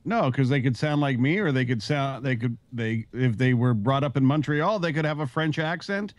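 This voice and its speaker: A man's voice: medium pitch, normal speed, no room sound. A man from Canada calling in to a chat show, dry and joking. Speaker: caller. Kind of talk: casual call-in chat.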